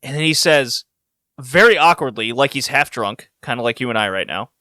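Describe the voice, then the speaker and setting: A man co-hosting a podcast, telling a story in a casual, animated way and laughing along. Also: medium pitch, fairly quick, no room sound, studio quality. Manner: animated storytelling, laughing, voices rising when excited. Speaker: podcast co-host.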